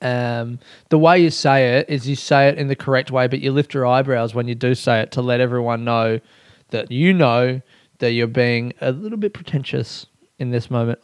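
A young man hosts a casual solo podcast, rambling, mocking himself, swearing often and laughing at his own expense. His medium-pitched voice is clean, recorded in a clean studio with no echo.

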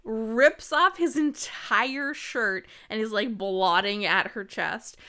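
A woman's voice: fairly high pitch, takes it slowly, bright, forceful tone. A woman co-hosting a podcast, chatting casually about a film and packing her talk with fillers and jokes. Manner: chatty, filler-heavy, jokey. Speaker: podcast co-host.

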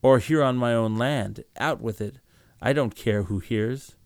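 A man voicing a big, hot-tempered, hungover farmer who shouts and sneers gruffly in a storybook reading. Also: mid-range voice, a little slow, dry recording, studio quality. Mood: angry.

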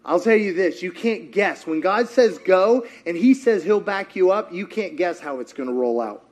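High-voiced preaching pastor, man. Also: moderate pace. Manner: animated, acts out quotes, jokes with co-speaker. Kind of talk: sermon.

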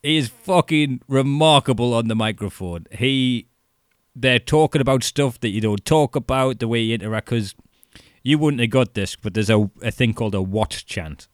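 A man's voice: mid-range voice, normal speed, no room sound, clean studio sound. A man chatting animatedly about wrestling, laughing and swearing as he talks. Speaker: wrestling fan co-host. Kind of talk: casual chat.

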